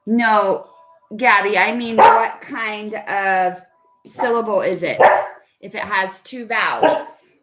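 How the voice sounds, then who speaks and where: A woman teaches children phonics over a video call, her pace unhurried and deliberate. She is patient and coaxing, often pausing to put questions to her students. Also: medium pitch, steady tone, background noise. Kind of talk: online phonics lesson for kids.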